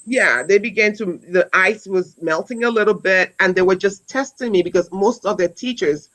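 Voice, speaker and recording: A woman's voice: mid-range voice, normal speed, fairly bright tone, rough recording. A woman in her forties, an educator, telling a story in a conversational way. She speaks earnestly, with many restarts and repeated words, and ends by urging listeners on. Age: 40s. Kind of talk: conversational storytelling on a wellness talk.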